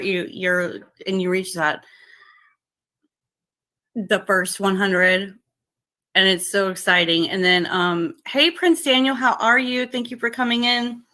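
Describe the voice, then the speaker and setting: A woman with a light drawl chats slowly on a livestream, her bright, forward voice stopping and restarting around fillers. She keeps greeting viewers and saying how excited and thankful she is. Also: medium pitch. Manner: halting, many fillers and restarts. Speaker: livestream host.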